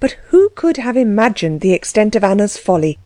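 A woman narrating a novel as an audiobook reader in a measured, even storytelling manner. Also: medium pitch. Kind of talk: scripted narration.

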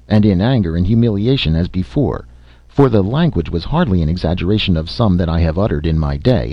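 A man narrating a story aloud in an expressive, dramatic reading style. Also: low voice, no room sound. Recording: slightly muffled lo-fi recording.

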